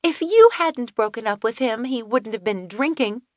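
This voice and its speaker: A woman's voice: a little high, animated, moderate pace, darkish tone, no echo, clean studio sound, pitched above the performer's own voice, close to an everyday voice. A woman narrator voicing an angry young woman in painful labor who snaps and wails at her doctor. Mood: hostile, wailing. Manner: snapping, wailing, hostile.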